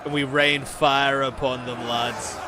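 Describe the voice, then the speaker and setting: A man putting on a northern accent to voice a gruff northern lord rallying his men in a siege. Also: mid-range voice, flat delivery, slow, a crowd in the background, background noise, natural voice. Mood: triumphant. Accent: put-on northern English. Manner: rousing battlefield commands.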